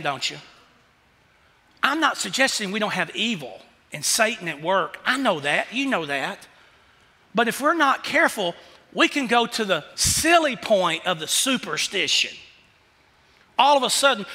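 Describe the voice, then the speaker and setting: A man's voice: high voice, sharp tone, in a large hall. A man preaching a sermon as pastor, telling stories in a conversational way.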